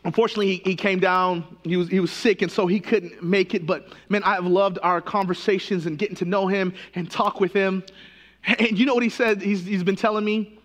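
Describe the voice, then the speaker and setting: A man's voice: high voice, a bit bright. A man preaching a sermon as pastor, impassioned and emotional, repeating phrases for emphasis. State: near tears at times.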